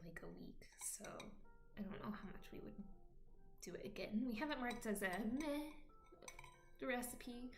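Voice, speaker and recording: A woman chats casually while streaming from home, drifting from topic to topic. She often sinks to a whisper. Her voice bounces around an echoey room over faint music. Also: medium pitch. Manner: rambling, often drops to a whisper. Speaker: vlogger.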